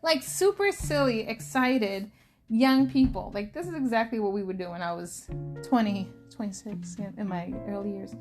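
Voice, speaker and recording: A woman in her thirties chatting casually to camera as a vlogger, telling stories in an animated way and acting out the people she quotes. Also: mid-range voice, normal speed. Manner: animated storytelling, acts out quoted friends. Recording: music playing behind her voice.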